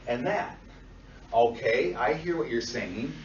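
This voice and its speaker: A man teaching a class, blunt and animated, swearing freely and acting out what clients say. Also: medium pitch, takes it slowly, a little hiss or hum. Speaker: instructor. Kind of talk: classroom lecture. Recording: far-off echoey lo-fi classroom recording.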